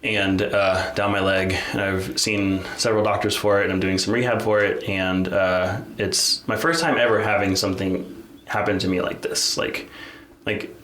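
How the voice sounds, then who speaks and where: A man's voice: fairly low pitch, fairly even intonation, moderate pace, fairly bright tone. A man co-hosting a podcast, telling a personal story in casual, candid chat full of restarts and "like". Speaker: podcast co-host. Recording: roomy echo, faint noise.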